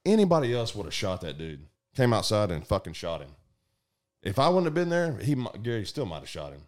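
This is a man with a deep, low voice and a drawl, recounting a story to a group of friends. He talks loosely and profanely, and throws himself into the retelling by acting out the shouts and quoted lines. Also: a little fast. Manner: profane, animated, acts out voices. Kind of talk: casual storytelling.

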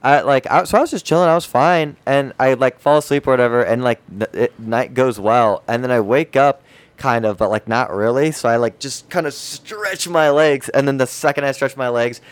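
A man's voice: medium pitch, moderate pace, dry recording. Rambling, swearing young man telling a story. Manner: rambling, restarts often, swears a lot. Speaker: podcast co-host. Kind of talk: casual storytelling chat.

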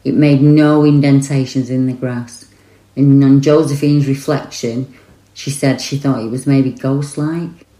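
A woman tells the reports in calm, measured scripted narration. Her voice is exceptionally low and dark. The recording has a roomy echo to it.

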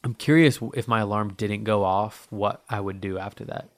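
A man's voice: on the low side, steady tone, normal speed, dry recording. A man hosting a podcast in a casual, rambling monologue, swearing often and dry-mouthed from thirst. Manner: profane, rambling, heavy with fillers. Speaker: podcast host.

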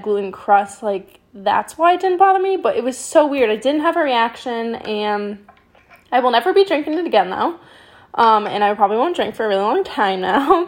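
A young woman with a slightly high voice talks through her own stories on a podcast. Her delivery is loose and animated, full of "like", casual swearing and a conversational, unscripted flow. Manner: chatty and animated, with frequent "like", swearing and laughter. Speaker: podcast host. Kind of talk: casual storytelling monologue.

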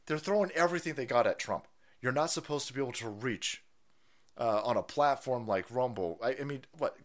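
Foul-mouthed ranting man streamer. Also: medium pitch. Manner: angry, mocking, foul-mouthed, shouting bursts. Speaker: political streamer. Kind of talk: profane live-stream rant.

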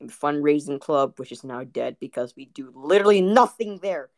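A woman's voice: low voice, expressive, normal speed, no room sound, studio quality. A woman co-hosting a casual podcast, rambling with lots of fillers and giggles. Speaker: podcast co-host. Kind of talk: casual chat.

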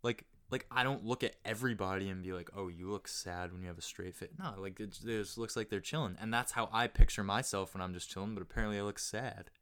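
Low-voiced laid-back young man. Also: fast, few pauses, a bit bright, clean tone. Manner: laid-back, self-mocking, swears freely. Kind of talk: casual chat.

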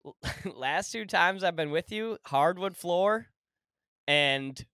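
A man co-hosting a podcast in casual chat, animated and laughing easily, with the odd swear. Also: high voice, takes it slowly, clear, resonant tone, no room sound, studio quality. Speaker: podcast co-host.

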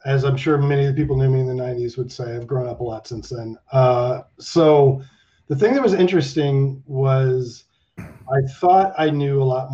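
A man around fifty, a guest in a casual interview, telling stories in an animated way, swearing and laughing, with lots of "like". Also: medium pitch. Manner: animated, swearing storyteller full of likes and laughs. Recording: dull lo-fi sound.

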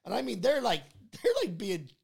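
Brash gravelly man swearing through stories. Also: sits high, big pitch swings, moderate pace. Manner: brash, rambling, swears a lot. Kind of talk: casual profane chat.

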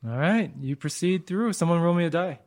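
A man's voice: on the high side, lively intonation, a little fast, a little mellow. A man running a tabletop game as game master, narrating scenes in a playful, descriptive way on a radio show with a studio microphone. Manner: descriptive, playful, laughs often.

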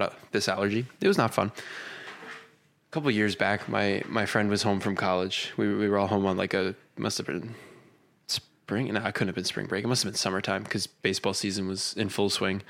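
A man's voice: on the low side, fairly bright tone. A young man in his twenties, co-hosting a casual comedy podcast and telling rambling stories full of quoted asides. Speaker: podcast co-host.

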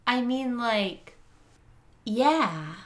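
Casting: woman podcast co-host, unhurried, lively swinging pitch, playful, hesitant fillers. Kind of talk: casual podcast chat.

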